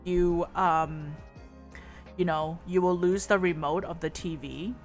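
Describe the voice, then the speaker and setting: Slow-talking giggly girl streamer chatting w chat, lots of ums, faint music under. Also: fairly low pitch, fairly even intonation. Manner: giggly, rambling, teasing, many fillers. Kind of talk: casual chat reading viewer messages.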